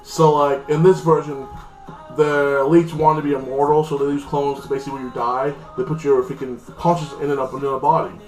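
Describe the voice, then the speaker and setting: A man's voice: fairly high pitch, level tone, brisk, darkish tone. A man giving a casual, rambling spoken recap of a TV episode, full of fillers and restarts. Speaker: TV episode reviewer. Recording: echoey room, faint guitar music.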